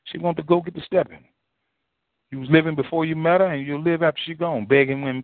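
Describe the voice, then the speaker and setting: A man's voice: on the high side, fairly even intonation, quick pace, no room sound. A male pastor preaching a sermon in a folksy, repetitive way, full of rhetorical questions. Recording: tinny phone-line sound, dry.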